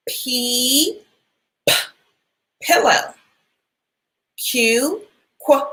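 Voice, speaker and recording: A woman teacher giving a phonics lesson for young children, sounding out letters and words clearly and encouraging them. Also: medium pitch, animated, drawn-out words, long pauses, fairly bright tone, rough recording. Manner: encouraging, asks questions and waits.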